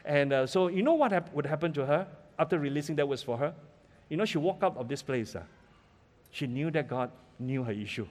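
A man's voice: a little high, lively intonation, a little fast, in a large hall. A man with a Malaysian English accent, preaching a sermon as pastor and often asking the congregation questions.

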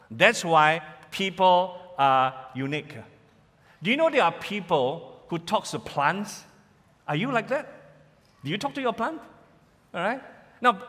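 A man preaching a sermon in an animated, playful way, sometimes imitating sounds for his listeners. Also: high voice. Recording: long hall reverb.

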